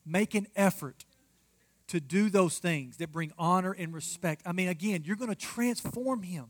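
A man's voice: sits high, normal speed. A man preaching a marriage sermon as pastor, emphatic and addressing the congregation directly.

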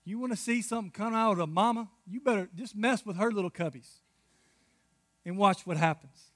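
A man in his thirties preaching a sermon, telling stories with big swings from hushed asides to loud outbursts. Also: sits high, brisk, no room sound. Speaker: pastor.

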